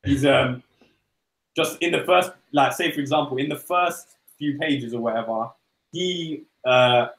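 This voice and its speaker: A man's voice: mid-range voice, measured pace, a bit bright, echoey room. A man co-hosting a comic book podcast, rambling casually and acting out dialogue in goofy voices. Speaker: podcast co-host.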